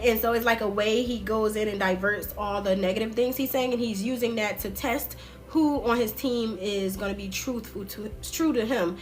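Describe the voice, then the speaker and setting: In a casual livestream chat, a female political commentary host addresses viewers directly. She retells stories in relaxed, slangy language, her pitch rising and falling with animation.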